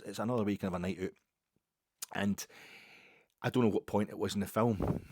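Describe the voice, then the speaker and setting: A man's voice: low-pitched, slightly rough, dry recording, studio quality. A man with a Glaswegian Scottish accent, hosting a football podcast and telling rambling, self-mocking stories in casual chat. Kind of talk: casual monologue.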